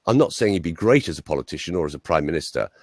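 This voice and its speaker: A man's voice: deep voice, expressive, rapid-fire, a little mellow, husky, no room sound, studio quality. A man, a voice coach telling chatty anecdotes as an interview guest. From England. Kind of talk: interview guest, conversational storytelling.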